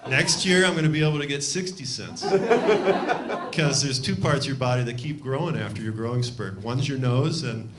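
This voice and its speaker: A man's voice: medium pitch, normal speed, very noisy. A man from Ohio doing a loose, self-deprecating stand-up routine on a comedy club stage. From Cleveland, Ohio.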